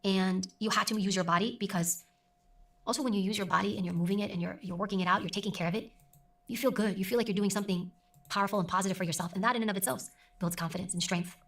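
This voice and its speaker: A middle-aged woman who works as a news presenter, talking emphatically and deliberately as an interview guest. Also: mid-range voice, steady tone, gravelly, reverberant, distant mic. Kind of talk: conversational interview.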